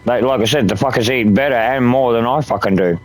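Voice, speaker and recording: A man's voice: medium pitch, brisk, soft background music, poor audio. A man chatting casually while gaming, rambling and swearing a lot. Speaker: gaming streamer.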